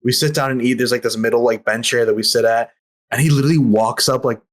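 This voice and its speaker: A young man telling a story in casual podcast chat over a voice call, rapid and profane, packed with fillers. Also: mid-range voice, fairly even intonation. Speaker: podcast participant. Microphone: remote call over voice chat.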